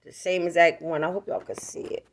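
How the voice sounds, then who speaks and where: A woman's voice: fairly low pitch, flat delivery, a little fast, slight background noise. A woman tells a casual, profane storytime to her viewers at home. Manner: profane, chatty, talks straight to viewers. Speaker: vlogger. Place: home, indoors.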